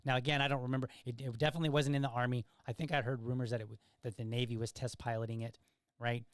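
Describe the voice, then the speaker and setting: A man's voice: medium pitch, flat delivery, racing, no echo, clean studio sound. A middle-aged man hosting a podcast, telling stories in a casual monologue and often checking in with "right?". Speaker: podcast host.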